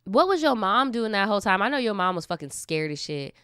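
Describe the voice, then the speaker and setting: A woman's voice: mid-range voice, expressive, brisk, pushed and bright, clean tone, dry recording, studio quality. A young adult woman hosting a casual storytime, reacting with slangy, candid commentary and laughing asides. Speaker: storytime host.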